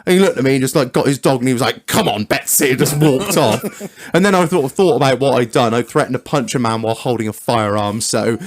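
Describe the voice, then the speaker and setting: A man co-hosting a podcast, telling sweary, animated stories in casual banter. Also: mid-range voice, quick pace, few pauses, dry recording. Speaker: podcast co-host.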